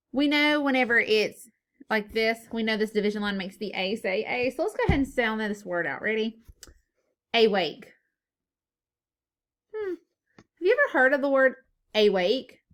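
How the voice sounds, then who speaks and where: A woman's voice: medium pitch, a bit bright. A woman teacher recording a phonics lesson for young children, playful and sing-song, repeating words for emphasis, on a camera mic.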